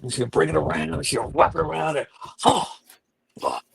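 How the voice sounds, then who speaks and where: A woman's voice: low voice, very animated, normal speed, creaky, slightly rough. A woman co-hosting a podcast in casual recap chat, animatedly acting out quotes from the show. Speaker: podcast co-host.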